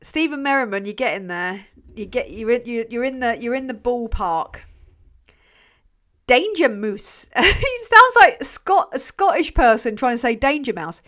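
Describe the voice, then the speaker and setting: A woman's voice: a little high, sing-song, normal speed, hardly any pauses, a bit bright. A woman hosting a casual live stream, reading out viewer comments in a rambling, self-mocking way, swearing freely and trailing off mid-sentence. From England. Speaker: channel host.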